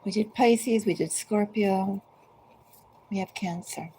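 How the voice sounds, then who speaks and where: A woman giving a collective tarot reading, speaking directly to each zodiac sign in an unhurried, musing way. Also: mid-range voice, dark tone, slight background noise, low-quality recording. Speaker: tarot reader.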